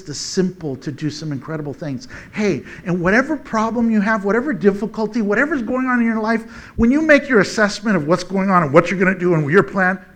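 A man preaching a conversational sermon in a folksy, animated way, chuckling often between points. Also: high voice.

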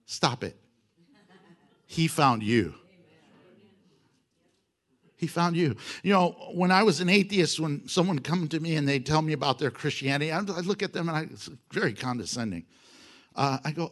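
A middle-aged man preaching a sermon as pastor, animated, acting out quotes and laughing between points. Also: fairly high pitch, measured pace, long pauses.

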